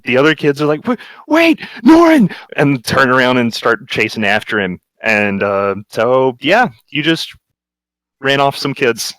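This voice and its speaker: A man's voice: medium pitch, sharp tone, no room sound, rough recording. A young man narrating a tabletop game as game master, rambling along. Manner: rambling, many fillers and restarts.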